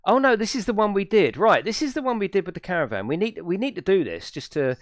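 A middle-aged British man streams a game and chats loosely with friends and family. His pitch swings around freely as he talks. He breaks into laughter often and keeps a relaxed, easygoing flow. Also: quick pace, no echo, clean studio sound. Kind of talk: casual live-stream chat.

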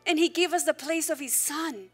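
A woman pastor preaching a sermon in an animated, conversational way, with joking asides to the congregation. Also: high voice, normal speed, soft background music.

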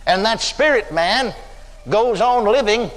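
A man's voice: high-pitched, animated, measured pace, a bit bright. An older man preaching a sermon, telling stories in a folksy way and acting out the voices of the people he quotes. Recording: long hall reverb.

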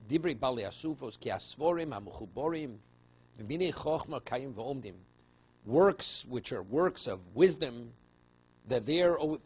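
This husky, mid-range male voice belongs to a rabbi teaching a text study session. He unpacks each passage phrase by phrase and slips into stories in a chatty way, frequently starting over. It's a dull, lo-fi recording of the class.

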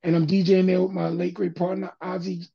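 A man's voice: high voice, fairly quick, gravelly, slightly rough, dull audio. An older man, a music producer and guest, telling stories in a casual interview and acting out other people's voices as he goes. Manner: animated storyteller, acts out quoted voices.

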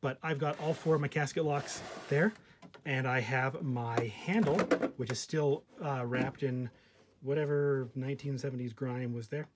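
A man's voice: mid-range voice, steady tone, moderate pace, background noise. A man casually presenting a vintage terminal on camera, full of joking asides and fillers, sometimes moving away from the mic. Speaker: vintage computer hobbyist host. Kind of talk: casual show-and-tell vlog.

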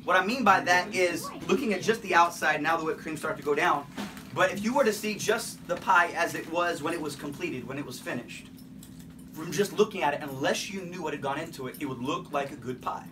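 A man's voice: a little high, brisk. Man, Bible teacher, casual lesson, playful asides, distant mic, noisy room.

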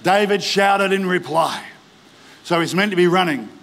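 A man preaching to a big church crowd, his voice sitting high for a man. He tells the story with lively energy and slips into character voices. At the big moments he builds to a full, ringing shout. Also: moderate pace, vocal fry. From Australia. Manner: animated preaching, acting out biblical characters; rises to shouting exhortation. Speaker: pastor. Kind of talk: sermon. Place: large church auditorium.

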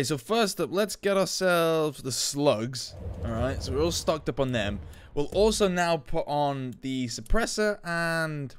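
A young man chatting excitedly through gameplay, joking and laughing at his own lines. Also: a little high. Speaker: gaming YouTuber. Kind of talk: casual gameplay commentary.

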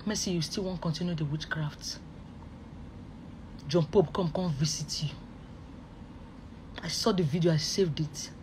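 A speaker with a Nigerian accent, pouring out an emotional online rant in a voice of middling pitch. The talk is emphatic and full of repeated oaths, jumping between loud bursts and quiet murmurs. A faint noise sits under the recording. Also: unhurried, pauses often.

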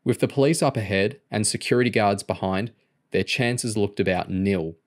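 A man with a lowish voice reads a novel aloud as an audiobook. His storytelling stays steady and even from line to line. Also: moderate pace. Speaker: audiobook reader. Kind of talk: audiobook narration.

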